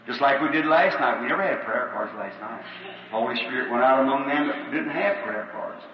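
A man's voice: medium pitch, fairly quick, muffled recording, a little hiss or hum. A man preaching a revival sermon with a Southern American accent, folksy and earnest, calling numbers out to a crowd. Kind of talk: revival sermon and healing line. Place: large auditorium. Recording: old echoey hall tape from far off.

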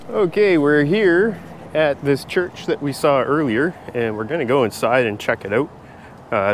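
A man with a mid-range voice chats casually as he walks through town, narrating what he sees. His tone is relaxed and conversational. Light street noise hums faintly in the background. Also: medium pitch. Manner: relaxed, chatty running commentary while walking. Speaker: travel vlogger. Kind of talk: casual walking vlog narration. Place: outdoors in a city, walking.

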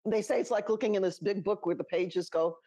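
A woman's voice: medium pitch, brisk, dark tone, breathy edge, dry recording. A middle-aged woman co-hosting a podcast, telling a personal story in a casual, chatty way and laughing often. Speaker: podcast co-host.

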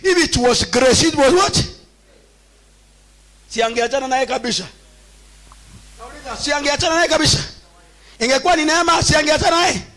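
High, bright Kenyan bishop preaching. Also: male voice, quick pace, poor audio. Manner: call-and-response preaching, repeats lines and quizzes the congregation; swings between shouted, sing-song declarations and quieter asides. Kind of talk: sermon. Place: church.

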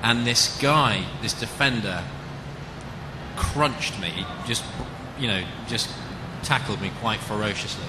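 Relaxed, self-mocking man telling an anecdote. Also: fairly low pitch, takes it slowly, big-room sound, very noisy. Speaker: actor in an interview. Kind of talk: casual anecdote.

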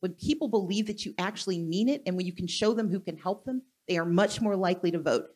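A woman from Mississippi, a guest speaker in a live onstage conversation, talking in a forceful, deliberate, rallying way. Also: mid-range voice.

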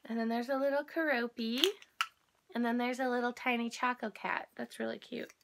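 A young woman hosting an unboxing vlog, gushing with excitement and dropping into whispered squeals. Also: on the high side, moderate pace, gravelly, background noise. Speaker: YouTube host unboxing a subscription box.

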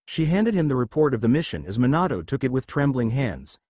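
A man narrating a fan fiction story in a steady reading voice. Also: medium pitch, a little fast, dry recording.

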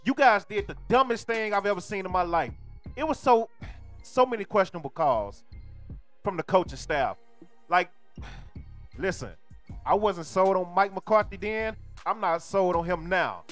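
Hoarse, exasperated male sports streamer. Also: high-pitched, animated, moderate pace, faint music behind. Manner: exasperated, repeats his complaints. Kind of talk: sports rant.

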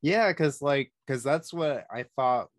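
A man's voice: mid-range voice, expressive, measured pace, dry recording, clean studio sound. A man hosting an interview podcast, talking loosely with lots of fillers. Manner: loose, filler-heavy, laid-back. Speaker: podcast host. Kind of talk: casual interview chat.

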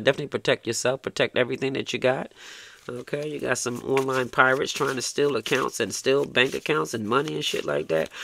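A man's voice: medium pitch, gravelly, a bit bright, slight background noise. A man giving a tarot reading, blunt and coaxing, swearing freely and ending lines with "okay?". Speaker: tarot reader.

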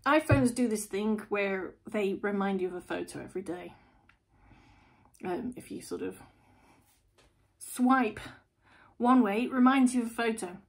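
A woman giving a casual, chatty tarot reading to camera as host, blunt and animated. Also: medium pitch, unhurried, pauses often. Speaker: tarot reader, channel host.

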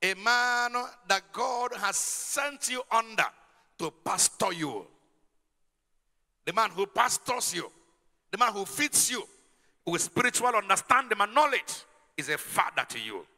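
A man's voice: sits high, big pitch swings, measured pace, gravelly, bright, forceful tone. A man preaching a sermon, emphatic and calling out questions to his congregation. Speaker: pastor. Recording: long hall reverb.

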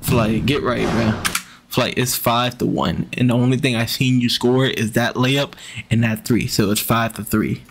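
A man's voice: medium pitch, steady tone, a little slow, slightly rough. A man hosting a reaction video, giving casual commentary with a teasing, mocking manner and a lot of repetition. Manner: teasing, mocking, repeats himself.

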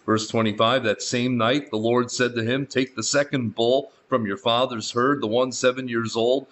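A man's voice: mid-range voice, fairly even intonation, moderate pace, fairly bright tone, lo-fi sound. A male pastor reading scripture verse by verse and adding his own remarks, with dry asides in between. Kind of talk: verse-by-verse Bible teaching.

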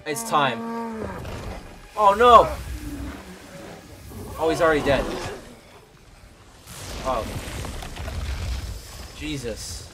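A young man giving excitable, swearing commentary while playing a game. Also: a little high, very slow, pauses often. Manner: excitable, swearing, loud outbursts. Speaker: streamer. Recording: voice with game music behind.

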